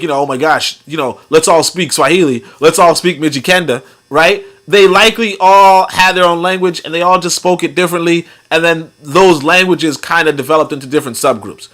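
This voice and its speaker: A man's voice: sits high, bright, forceful tone. A man hosting a podcast, talking in loose, rambling commentary, with heavy use of fillers and some swearing. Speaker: podcast host. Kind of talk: casual commentary.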